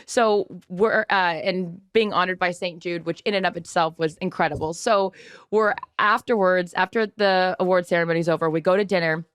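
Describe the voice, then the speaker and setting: A woman co-hosting a casual chat podcast, telling animated stories and acting out the quotes. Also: on the low side, normal speed, clear, resonant tone, no room sound, clean studio sound. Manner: animated storyteller, acts out quotes. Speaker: podcast co-host.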